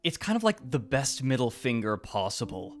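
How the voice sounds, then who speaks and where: A man's voice: mid-range voice, big pitch swings, normal speed. A man hosting a casual livestream, rambling and chatty and laughing often. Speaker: stream host. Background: faint music.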